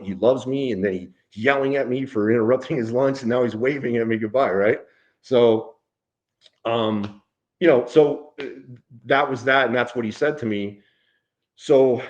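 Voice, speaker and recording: A man's voice: medium pitch, darkish tone, lo-fi sound. A middle-aged man, a former police sergeant, telling a story in an interview with blunt, profane language, acting out the dialogue he quotes.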